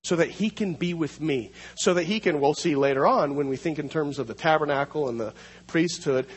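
A man preaching a sermon, teaching through a Bible passage, slowing down to read scripture aloud. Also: on the high side, lively intonation, slightly rough, big-room sound.

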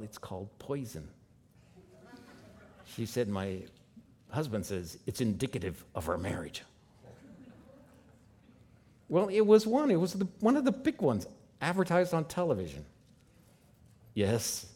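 A man's voice: low-pitched, a little mellow. A man, likely a pastor, preaching a sermon in a folksy way with asides and rhetorical questions.

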